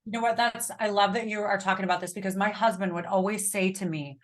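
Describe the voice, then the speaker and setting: A woman's voice: mid-range voice, fairly even intonation, quick pace. A woman in her thirties hosting a casual chat, blunt and emphatic, swearing freely. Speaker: podcast host.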